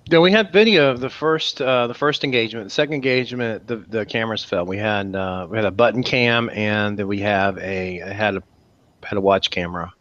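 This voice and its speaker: A man co-hosts a podcast, chatting casually and breaking in with questions and quips. His voice sits on the lower side. The sound is dull and lo-fi. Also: a little fast, fairly bright tone. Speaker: podcast co-host. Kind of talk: casual chat.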